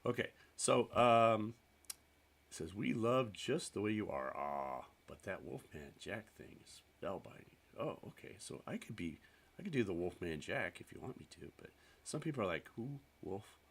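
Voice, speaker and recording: Chatty man with a low, lively voice. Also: normal speed, creaky, husky. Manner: rambling, self-deprecating, chatty with viewers. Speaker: livestream host. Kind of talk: casual live-stream chat.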